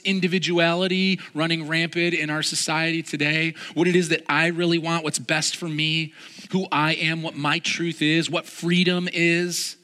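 A man preaches to a live gathering, weaving a lively, self-mocking story into his sermon. His voice sits a little high and rings bright and forceful. The sound trails off in the long reverb of a large hall. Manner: animated, self-mocking storyteller who laughs at himself. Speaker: pastor.

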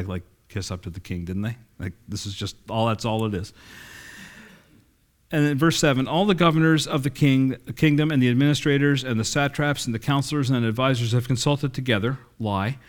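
Man preaching a conversational sermon. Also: mid-range voice. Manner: conversational, acts out quoted dialogue.

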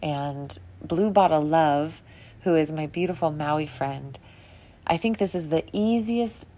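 A woman's voice: deep voice, slow pace, mellow. A young adult woman hosting a podcast, talking in an earnest, emotional, rambling way about wellness. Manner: earnest, emotional, wandering sentences with laughs. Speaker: podcast host. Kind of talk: casual spiritual monologue.

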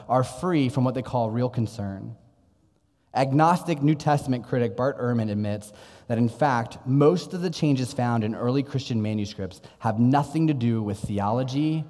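A man's voice: medium pitch, darkish tone. Young male pastor preaching in a reverberant church. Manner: conversational storytelling preacher. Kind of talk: sermon.

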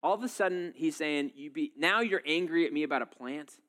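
A male pastor in his thirties delivers a sermon in loose, conversational style, leaning on fillers and quick asides. His voice sits a little higher than most men's. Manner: casual, animated preaching with many fillers.

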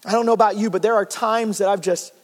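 A man preaching a heartfelt sermon with a high, bright-pitched voice. His delivery swings from loud, emphatic peaks down to quiet, tender passages. The sound carries a long reverb from a large church hall. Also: steady tone, fast talker. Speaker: pastor.

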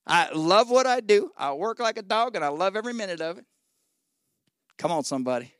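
A man in his sixties preaching a sermon as guest pastor, folksy and exhorting, swinging between loud shouts and low asides. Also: lively intonation, fairly quick, no echo, studio quality. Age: 60s. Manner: folksy, exhorting with 'come on, somebody'.

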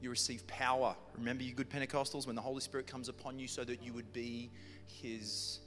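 A man's voice: medium pitch, flat delivery, a little fast, fairly bright tone. A man preaching a sermon, telling a story in a humorous, conversational way. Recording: long hall reverb with music behind.

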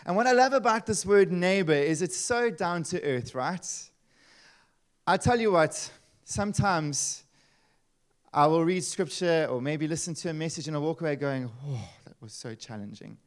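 A man in his thirties preaches a sermon. He talks in a lively, chatty way, full of asides and rhetorical questions. His voice sits a bit high for a man. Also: normal speed, smooth. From South Africa. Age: 30s. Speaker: pastor.

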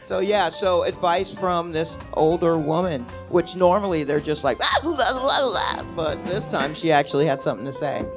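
A woman's voice: fairly low pitch, normal speed, over music. Laughing woman comedian. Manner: lively, jokey, laughs at her own punchlines. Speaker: comedian, storytelling guest. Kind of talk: live comic storytelling.

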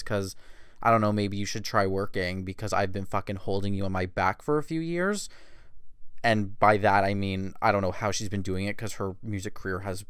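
Late-twenties man, low, clear voice, blunt and profane celebrity news takes. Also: dry recording, studio quality. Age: late 20s. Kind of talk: snarky celebrity gossip commentary.

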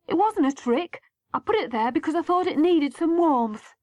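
Woman voicing an eager, high-pitched teenage boy. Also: lively intonation, moderate pace, dark tone, no room sound, studio quality. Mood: pleading, indignant.

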